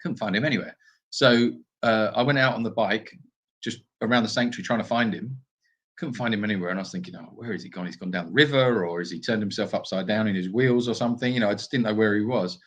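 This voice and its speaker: A man's voice: fairly low pitch, fast talker, fairly bright tone. A man co-hosting a live stream from an animal sanctuary, telling rambling stories in a casual chat. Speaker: sanctuary co-host.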